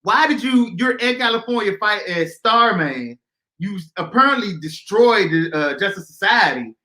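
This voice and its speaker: A man co-hosting a casual comic book podcast, talking in an animated, incredulous way and laughing often. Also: high voice, moderate pace, roomy sound. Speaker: podcast co-host.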